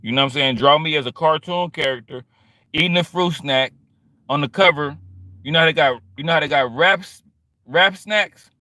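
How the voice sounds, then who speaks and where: Middle-aged male streamer, slangy casual monologue, bright and forceful tone, fairly high voice. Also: normal speed, no room sound. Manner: animated and slangy, acting out quoted exchanges.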